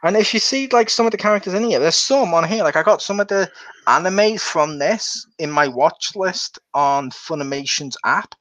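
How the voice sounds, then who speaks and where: A man chatting casually on a podcast, telling lively stories and acting out other people's voices. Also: high voice, moderate pace, dry recording. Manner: animated storyteller who acts out quotes in different voices. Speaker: podcast co-host. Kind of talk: casual chat. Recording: dull, lo-fi sound.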